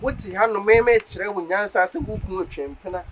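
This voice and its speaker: An actor with a Ghanaian accent playing an excitable male friend who gives advice in a comedy drama. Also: high-pitched, a little fast, crowd noise, close to an everyday voice. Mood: advising.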